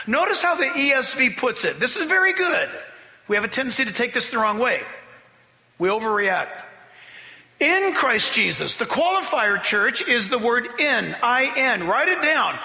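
Male pastor, emphatic sermon voice, very bright tone, reverberant church hall. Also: very high voice, very animated, moderate pace, creaky. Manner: emphatic, exhorting, with humorous asides.

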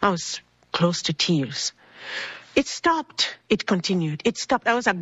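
A woman's voice: on the low side, a little slow, breathy edge, no room sound, highs cut off. A woman from Congo, telling a personal story and acting out dialogue in voices, in a cold building. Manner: animated, acts out dialogue in voices.

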